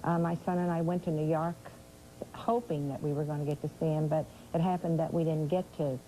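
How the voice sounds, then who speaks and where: An older woman speaking as a guest on a live TV interview, aggrieved and halting, often restarting her sentences. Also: deep voice, steady tone, mellow, slight background noise, low-quality recording.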